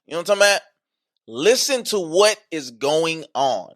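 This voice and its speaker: A man hosting a podcast in casual chat, slangy and hyped, repeating catchphrases, then slowing into earnest teaching. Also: on the high side, very animated, a bit bright. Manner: switches to slower earnest teaching. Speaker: podcast host.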